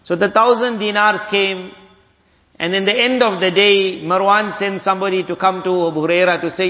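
A man teaching a hadith lesson in a relaxed, conversational way, voicing the people in his stories as he goes. His voice sits a little high for a man. The recording is dull and lo-fi, with a long reverb trailing off every phrase. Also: moderate pace. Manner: casual storytelling, acting out dialogue. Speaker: Islamic teacher.

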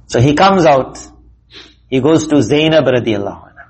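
A man teaches a religious lesson through stories, speaking slowly and with care. His voice sits a little high and has a husky edge. He slips into the voices of the people he quotes, giving their lines some life. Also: poor audio. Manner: slow, deliberate, acts out quoted speech in a lively way. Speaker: Islamic teacher. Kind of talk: religious talk with storytelling.

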